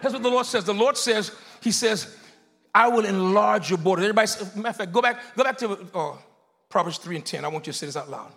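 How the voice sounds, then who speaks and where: A man preaching a sermon as pastor, leading his congregation in call-and-response and rising into shouts. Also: high voice, quick pace, gravelly, soft background music. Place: church sanctuary before a congregation.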